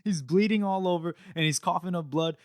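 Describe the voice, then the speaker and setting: A young man co-hosting a podcast, retelling a book chapter in casual chat, animated and laughing as he acts out lines. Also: sits high, a little fast.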